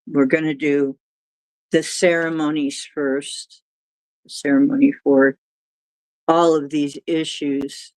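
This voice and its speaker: A low-pitched woman hosts a casual livestream at an unhurried pace. She rambles and chats, sometimes cooing at her cat, and the sound is close and dry. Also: darkish tone, no echo. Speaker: livestream host.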